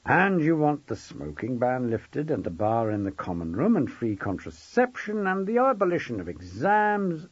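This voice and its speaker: Sardonic schoolmaster, voiced by a man, theatrical lecturing, husky voice, lively pitch, dull dry recording. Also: moderate pace, few pauses, no room sound. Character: witty middle-aged male schoolmaster, wry and commanding.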